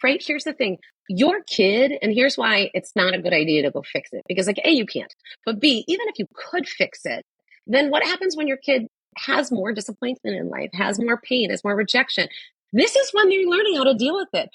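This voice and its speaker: Emphatic woman, husky and dry. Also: on the high side, big pitch swings, a little fast, a bit bright, no room sound, poor audio. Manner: emphatic, repeats key points. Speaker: guest, social worker and psychotherapist. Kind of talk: podcast conversation.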